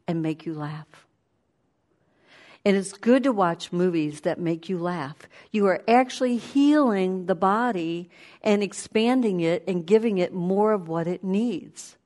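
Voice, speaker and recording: A woman giving a conversational sermon, animated and storytelling. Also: mid-range voice. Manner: animated, storytelling, laughs while speaking.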